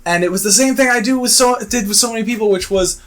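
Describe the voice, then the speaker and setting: A young man co-hosting a podcast, casually telling animated retail-work stories, swearing and acting out customers. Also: high-pitched, fast, heavy background noise. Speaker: podcast co-host. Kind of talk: casual podcast chat, storytelling.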